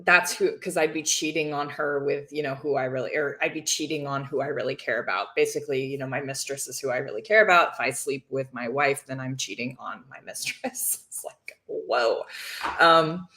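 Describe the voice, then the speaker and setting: Giggly woman chatting on a livestream, low voice, lots of likes and ums. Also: normal speed, sharp tone. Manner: chatty and giggly, reads viewer comments aloud. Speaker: livestream host reacting to a reality show. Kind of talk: casual livestream commentary.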